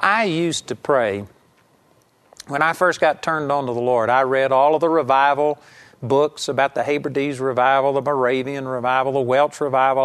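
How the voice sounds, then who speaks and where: A man giving a televised Bible teaching, emphatic and rising sharply when he voices quoted pleas. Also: on the high side.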